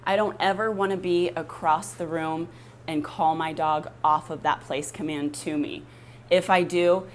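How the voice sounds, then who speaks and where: A woman dog trainer in an instructional vlog, explaining calmly and plainly, and breaking into a high, gushing voice when she praises her dog. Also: a little hiss or hum.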